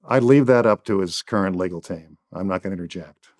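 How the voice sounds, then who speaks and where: A man's voice: sits low, a little fast, darkish tone. A man speaking as a guest defense attorney in an interview, making firm points in emphatic, repeated phrases. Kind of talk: interview answers.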